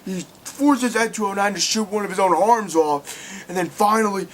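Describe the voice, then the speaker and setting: Young male film reviewer, slightly high voice, excitable and profane, faint background hiss. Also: normal speed. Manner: excitable, swearing, acts out scenes loudly. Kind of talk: casual spoken film review.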